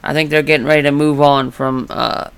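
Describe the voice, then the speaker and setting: A man rambles through a casual vlog and gets animated when he retells stories. His voice sits a touch high and sounds bright and clear. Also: fairly quick. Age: adult. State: congested from allergies. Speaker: vlogger. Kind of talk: casual chat.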